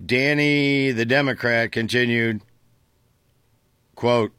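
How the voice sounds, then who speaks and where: A man's voice: mid-range voice, animated, slow pace, long pauses, pushed and bright, dry recording. A male talk show host reading the news aloud with sarcastic, mocking asides.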